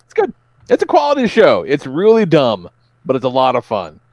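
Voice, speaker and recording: A man's voice: mid-range voice, huge pitch swings, normal speed, a little mellow, no echo. A man hosting a podcast, chatting casually in a rambling way and swearing freely. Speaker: podcast host. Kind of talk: casual chat.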